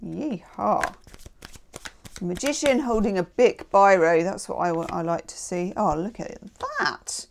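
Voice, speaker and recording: A woman's voice: mid-range voice, unhurried, gravelly, a little hiss or hum. A woman giving a casual, chatty tarot reading. She is encouraging and often checks in with "okay?". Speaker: tarot reader.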